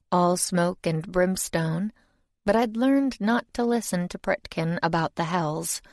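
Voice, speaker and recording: A woman's voice: on the low side, a little mellow, no room sound, clean studio sound. A woman narrating a first-person fantasy audiobook in a wry, conversational way.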